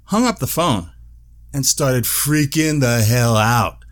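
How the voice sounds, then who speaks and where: This show host talks slowly in a mid-range voice, giving an informal video update. He recounts a story with animation, cursing liberally and breaking into laughter often.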